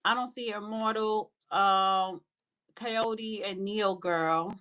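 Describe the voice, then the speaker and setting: This time the woman's voice is medium in pitch and a bit bright, with fairly even intonation and a slow pace. She hosts a live audio room, calling on speakers while scolding bluntly and swearing a lot in casual, heated political talk.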